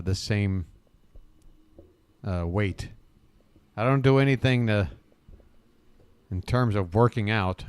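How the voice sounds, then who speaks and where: An American man with a lowish, clear, resonant voice hosts a live stream from his home in Bangkok, where he lives abroad. He rambles casually, chats with viewers by name, and swears a bit, all on a dry recording.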